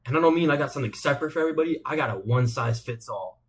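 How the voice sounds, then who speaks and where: A man's voice: medium pitch, expressive, rapid-fire, natural voice. A man half-heartedly impersonating a boastful fighter bragging about his cookout recipe, close to his own voice. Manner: boastful, self-assured bragging. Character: impression of a confident male fighter-chef.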